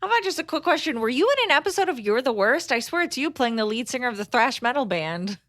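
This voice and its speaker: A woman's voice: high voice, very animated, quick pace, a bit bright, dry recording, clean studio sound. A woman co-hosting a podcast, chatty and giggly, reading out listener questions. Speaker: podcast co-host. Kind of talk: casual chat, reading listener letters.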